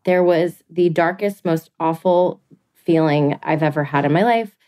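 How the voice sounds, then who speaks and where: A woman's voice: deep voice, a little slow, mellow, dry recording, studio quality. A woman in her thirties, a podcast guest, telling her own story candidly and bluntly, swearing freely.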